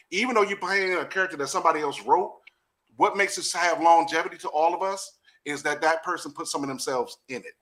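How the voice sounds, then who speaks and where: A man with a D.C. hosts a loose podcast chat. He sits high in his range for a man, with a bright, forceful edge. He coaches and sets up scenes with lively energy and frequent laughter. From Washington, D.C. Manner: animated, laughing, coaching and directing others. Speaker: podcast host and acting teacher.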